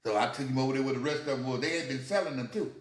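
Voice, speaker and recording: Racing along in a mid-range voice, an older man shares tales from his younger days on a casual podcast. He imitates other people's voices, curses liberally and laughs often, and the room he's in sounds echoey.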